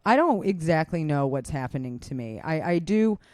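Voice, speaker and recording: This podcast co-host and comedian chats casually indoors, candid and self-deprecating, with plenty of swearing. She speaks at a normal speed in a low, expressive, darkish voice, and there's no echo.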